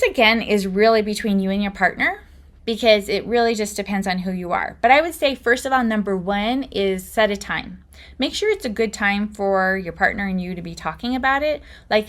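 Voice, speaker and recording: Laughing frequently, this middle-aged podcast host spins her stories in a relaxed, chatty manner. Her voice sits in the middle range and sounds a bit bright.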